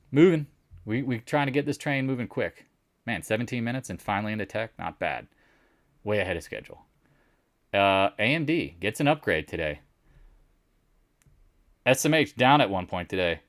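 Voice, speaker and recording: A man's voice: mid-range voice, fairly bright tone, no echo, studio quality. A man hosting a casual daily stock market recap, joking and sarcastically mocking imagined viewers. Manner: sarcastic, mocks imagined viewers in put-on voices. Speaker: stock market video host.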